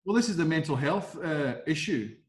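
A man's voice: a little high, lively intonation, normal speed, reverberant. A man with a Scottish accent co-hosting a casual remote chat over a video call, earnestly asking worried questions. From Scotland. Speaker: co-host.

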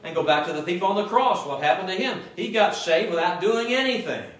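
A man's voice: high-pitched, expressive, a little fast, fairly bright tone. A male pastor preaching a sermon in a church, often asking the congregation "Amen?" as he goes. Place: church sanctuary. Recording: echoey church room, mic at a distance.

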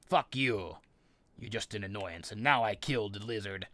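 A man's voice: lowish voice, normal speed, bright, forceful tone, dry recording. A man giving profane comedic commentary while playing a game, boasting like a mock villain and yelping at sudden scares. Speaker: let's play gamer.

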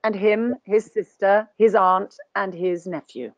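A woman's voice: medium pitch, steady tone, measured pace, dry recording. A woman guest actor speaking in a conversational webinar interview, thoughtful and anecdotal, often restarting her sentences. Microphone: video call.

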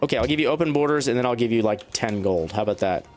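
A man at a mid-range pitch chatting through a strategy game session, bantering with his units as if they could hear him. His voice jumps up sharply whenever something excites him. Faint game music plays underneath. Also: rapid-fire. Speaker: let's play gamer. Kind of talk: casual gameplay commentary.

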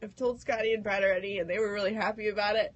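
A woman's voice: mid-range voice, steady tone, rapid-fire, dull audio. Nervous, tearful woman radio host. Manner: tearful, nervous, laughing through her words. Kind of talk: emotional on-air announcement.

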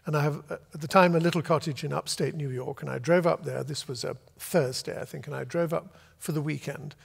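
An older man from Britain, an author telling a long, lively anecdote to a festival audience and acting out the voices he quotes. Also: fairly high pitch, a little fast, creaky, slightly rough, big-room sound. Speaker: author guest. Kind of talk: storytelling at a festival talk. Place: festival venue before an audience.

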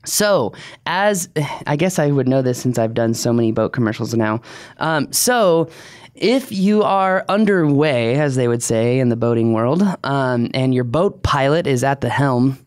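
A man's voice: medium pitch, expressive, measured pace, clean tone, no echo, studio quality. A man co-hosting a podcast in casual banter, playful and jokey while explaining things loosely. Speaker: podcast co-host.

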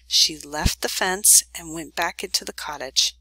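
Woman, reading a children's novel aloud, gentle, even, bright voice, dry sound. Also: low-pitched, measured pace, hardly any pauses, slightly rough, dry recording, poor audio. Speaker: reader.

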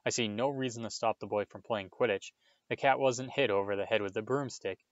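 A man's voice: fairly low pitch, fairly quick, dry recording, muffled recording, lightly acted. A man reading aloud, voicing a stern female deputy headmistress who speaks sharply. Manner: sharp, clipped.

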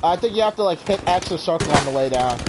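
Brief: high, lively male gamer voice, cursing and laughing, game gunfire loud behind. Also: fast talker, background noise. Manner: swears freely, laughs a lot. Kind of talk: casual co-op gameplay chat.

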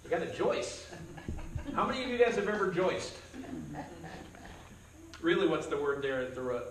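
A man's voice: sits high, big pitch swings, moderate pace. Pastor guy cracking jokes thru a bible study, kinda far off the mic in a roomy echoey space, faint hum behind. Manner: conversational, joking, acts out quoted voices. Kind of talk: verse-by-verse Bible study sermon. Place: church meeting room. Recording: roomy sound from a distance, faint background.

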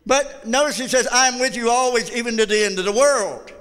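A man's voice: very high voice, a little fast, fairly bright tone, smooth, big-room sound. A man pastor preaching a blunt, folksy sermon with call-and-response to his congregation. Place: church sanctuary.

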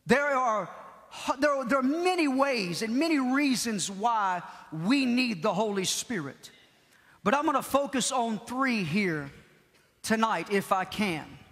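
A man preaching a Pentecostal sermon, impassioned, repeating key phrases and shouting at the peaks. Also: very high voice, lively intonation, slow pace. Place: large church hall. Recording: long hall reverb.

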